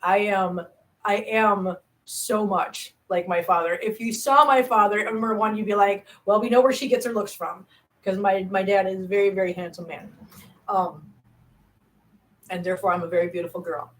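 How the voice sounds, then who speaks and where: A woman's voice: mid-range voice, steady tone, normal speed, a bit bright. A middle-aged woman hosting a casual live stream, chatting loosely with viewers, restarting sentences and laughing at herself. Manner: chatty, rambling, frequent restarts and self-laughs; reads viewer chat aloud. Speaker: YouTube cat channel host.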